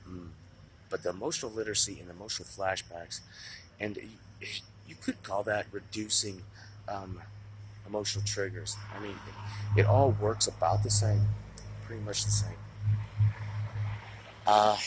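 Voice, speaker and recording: A man's voice: sits low, normal speed, long pauses, a little hiss or hum, poor audio. A man giving casual self-help advice straight to camera, blunt and rambling, swearing freely and restarting his sentences. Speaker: self-help video maker. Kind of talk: casual unscripted talk to camera.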